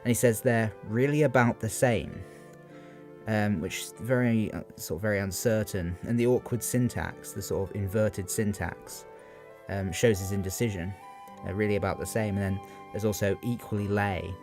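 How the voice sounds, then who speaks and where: A young man with a very low, deep voice talks through his revision notes off the cuff. He hesitates often and leans on fillers as he goes. Faint guitar music plays behind him. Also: normal speed, darkish tone. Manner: hesitant, many ums and "sort of" fillers. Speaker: student giving revision analysis. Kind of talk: unscripted spoken revision talk.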